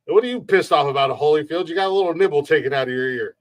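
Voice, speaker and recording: Male podcast co-host, slightly high pitch, profane rambling banter. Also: expressive, racing. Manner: profane, rambling, laughing often.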